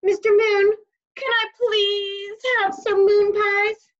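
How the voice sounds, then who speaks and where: A woman voicing an eager, polite little boy in a storybook reading, high and pleading. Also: a little slow, fairly bright tone. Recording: slightly dull lo-fi recording.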